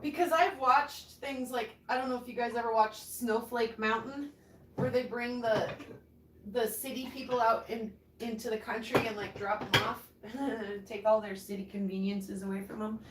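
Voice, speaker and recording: With a little hiss or hum in the recording, a Montana woman hosting a rockhound channel talks casually with viewers. Her voice sits on the high side, steady and at a normal speed. She's chatty, laughing a lot and often saying "like" and "seriously."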